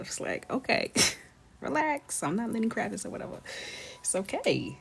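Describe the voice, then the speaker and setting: A woman in her thirties chatting casually and jokingly while coloring on a livestream, often dropping into soft whispers. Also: mid-range voice, big pitch swings, moderate pace, gravelly.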